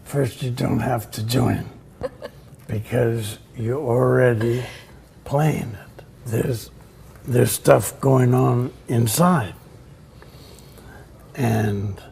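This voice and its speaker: Slow, mellow-voiced older man telling stories. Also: mid-range voice, creaky, a little hiss or hum. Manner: reflective, acts out the people in his anecdotes. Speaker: tennis coach and interview guest. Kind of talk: storytelling in a conversation.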